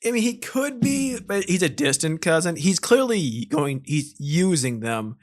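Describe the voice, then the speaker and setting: A man's voice: a little high, sing-song, measured pace. A man co-hosting a podcast in casual chat, making sarcastic jokes and swearing casually. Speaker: podcast co-host. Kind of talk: casual chat recapping a film.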